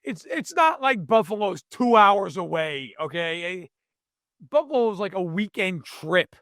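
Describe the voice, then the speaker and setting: High-pitched guy on a sports podcast, fired-up mock-outrage rant, dry close sound. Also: measured pace, dry recording. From New York state. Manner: animated ranting, mock-outraged. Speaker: podcast co-host. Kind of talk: casual sports chat.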